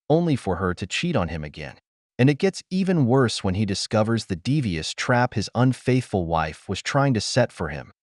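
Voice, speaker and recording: A man's voice: on the low side, a little mellow, dry recording, clean studio sound. A man hosting and narrating a scripted voice-over, preaching directly to male viewers. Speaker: host and narrator.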